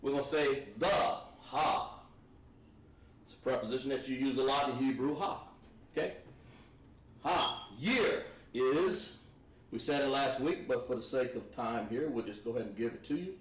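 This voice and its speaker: A man teaching a Hebrew class at a board, patient and encouraging, repeating words slowly. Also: mid-range voice, slight background noise. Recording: echoey room, voice from far off.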